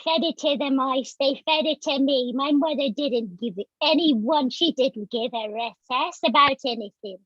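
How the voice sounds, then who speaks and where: A woman plays a loud, foul-mouthed homeless chef with a put-on British accent, ranting in a high, slow voice. The sound is dull and dry. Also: dry recording. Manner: brash, swearing, ranting.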